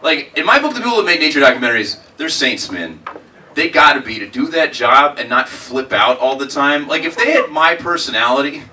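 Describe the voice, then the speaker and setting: A man's voice: a little high, very animated, a little fast, sharp tone. A man doing a stand-up comedy set, rambling and self-deprecating, saying "like" and "man" a lot, recorded live in a comedy club. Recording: live club audio, mic heard from a distance, crowd noise.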